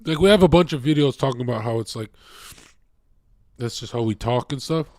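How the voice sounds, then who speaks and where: A man's voice: mid-range voice, a little fast, darkish tone, no room sound, studio quality. Candid, rambling man on a stream. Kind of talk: casual chat.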